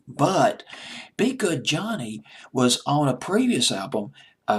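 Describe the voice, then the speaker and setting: A man's voice: medium pitch, sing-song, takes it slowly, husky. A man with a Southern American accent hosting a music countdown, rambling and chatty as he recalls old hit records. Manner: rambling, chatty, self-mocking. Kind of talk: casual music commentary.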